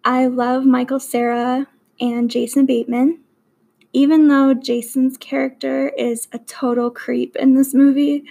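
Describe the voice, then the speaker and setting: A woman's voice: high-pitched, little pitch movement, a little slow, vocal fry, warm tone, poor audio. A young woman walking through her list of favorite movies in an earnest, enthusiastic way. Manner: earnest and enthusiastic, with emphatic superlatives. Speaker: vlogger reviewing favorite movies. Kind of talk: slow, deliberate countdown of a movie list.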